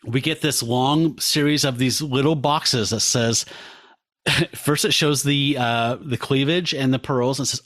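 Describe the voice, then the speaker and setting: A man's voice: medium pitch, unhurried, a bit bright, no room sound, studio quality. A man co-hosting a comic-book podcast, reading captions aloud and cursing with delight between pages. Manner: profane, enthusiastic, laughs while reading. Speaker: podcast co-host.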